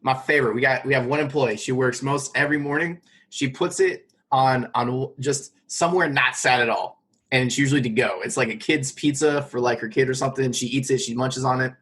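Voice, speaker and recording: A man's voice: mid-range voice, fairly quick, a bit bright, slightly rough. A man co-hosting a casual podcast, speaking frankly to listeners with asides. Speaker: podcast co-host, restaurant manager. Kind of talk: casual chat.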